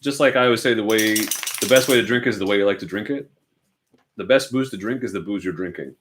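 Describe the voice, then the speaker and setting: Talking fast in a lowish, slightly bright voice, this young adult man answers viewers of his motorcycle channel from his home garage. He keeps things casual and self-deprecating, and he hails from Oregon, United States.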